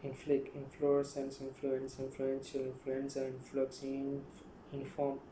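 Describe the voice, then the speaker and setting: A man reading dictionary words aloud one after another, in a flat listing manner with frequent stumbles and restarts. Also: mid-range voice, measured pace, reverberant, noisy background. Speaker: youtuber.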